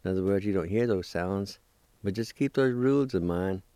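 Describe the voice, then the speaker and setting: A man's voice: low-pitched, moderate pace, mellow, smooth, dry recording. A man teaching a recorded pronunciation lesson, spelling and sounding out words syllable by syllable, with a few encouraging words. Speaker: language teacher.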